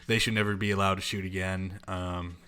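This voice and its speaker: A man's voice: deep voice, little pitch movement, a little fast, pushed and bright, smooth. A man co-hosting a casual sports betting podcast, blunt and confident, swearing freely as he makes his picks. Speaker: podcast co-host.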